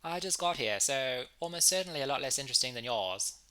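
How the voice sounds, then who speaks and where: A man's voice: on the high side, big pitch swings, a little fast, pushed and bright, voice pushed up, full character voice. A man voicing an aloof young woman in an old-film transatlantic drawl, in a let's play of a story game.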